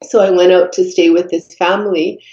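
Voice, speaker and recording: Mellow-voiced woman telling her story. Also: on the low side, fairly even intonation. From Canada. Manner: earnest, reflective, halting with fillers. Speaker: podcast guest. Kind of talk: personal storytelling in conversation. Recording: dull echoey room recording.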